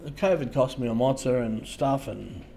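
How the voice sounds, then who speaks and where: An Australian man hosting a casual livestream, talking to viewers in a halting way, repeating words and trailing off softly. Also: medium pitch, creaky, slight background noise. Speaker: livestream host.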